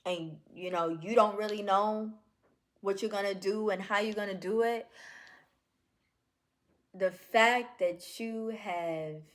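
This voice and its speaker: A woman recording a heartfelt video journal, speaking in slow, affirming, repeated phrases. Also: mid-range voice. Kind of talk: reflective self-talk video journal.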